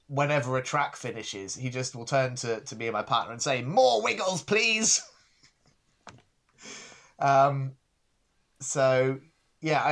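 A man's voice: medium pitch, a bit bright. A man co-hosting a podcast in casual chat, dry and self-deprecating, often restarting his sentences. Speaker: podcast co-host.

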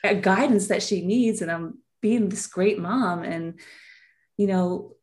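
A woman's voice: medium pitch, takes it slowly, darkish tone. A woman in her forties, a podcast guest, telling a heartfelt personal story in a rambling way with many fillers.

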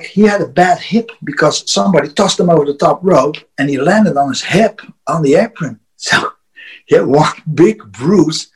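A man's voice: high-pitched, poor audio. A man, a wrestler, telling a casual story with frequent chuckles, profanity and restarted words. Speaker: wrestler guest.

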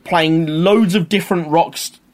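A young man in casual chat, animated and rambling, often laughing as he talks. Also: fairly high pitch, unhurried.

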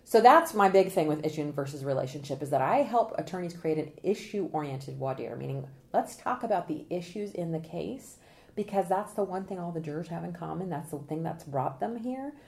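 On the low side and creaky, this woman's voice moves fairly quickly. She's a trial consultant and presentation coach giving a podcast interview, lively and laughing as she acts out what jurors say.

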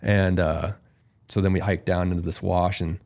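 A calm, laid-back man telling a story as a podcast guest in casual conversation. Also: low voice, moderate pace, creaky.

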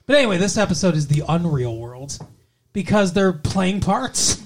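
A man's voice: sits high, animated, moderate pace. Guy hosting a chill podcast, rambly, keeps trailing off and fixing what he said. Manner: rambling, trails off and self-corrects. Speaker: podcast host. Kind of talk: casual chat.

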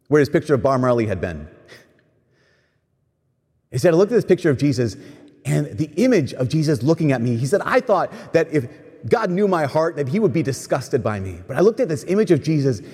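Husky man telling a story in a reverberant hall. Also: mid-range voice. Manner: animated retelling with quoted voices. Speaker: preacher. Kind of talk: storytelling sermon.

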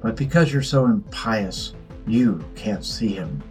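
A man voicing a calm, mysterious god in disguise who speaks quietly and without concern. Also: fairly low pitch, slow pace, soft background music.

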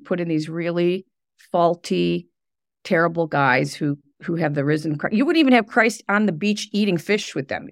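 A middle-aged woman, a podcast guest, telling animated stories and laughing often. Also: medium pitch, no echo, studio quality. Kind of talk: conversational interview.

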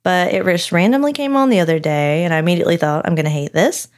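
A woman's voice: fairly low pitch, fast talker, hardly any pauses. A woman co-hosting a podcast, telling a story and bantering in casual chat. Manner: chatty, narrating then bantering. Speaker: podcast co-host.

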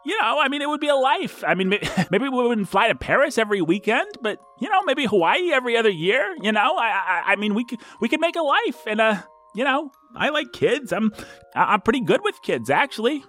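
A man plays an anxious young man who stammers and laughs nervously through a proposal, his voice high and swinging widely. His lines are halting and full of restarts, with soft music underneath. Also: very animated, exaggerated voice. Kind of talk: audio drama acting.

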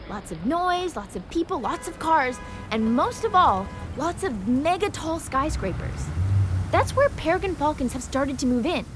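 A woman with a high, lively voice hosts a children's nature show. She reads her script in a bubbly, playful way, and her pitch swings widely from line to line. Clear music plays under her voice. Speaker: show host.

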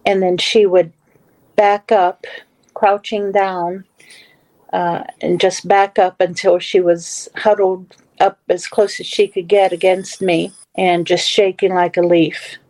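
A woman's voice: lowish voice, flat delivery, slow, a little mellow, poor audio. A middle-aged woman telling a personal story as a guest in a casual talk, with many fillers and restarts. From Western Pennsylvania / Ohio area.

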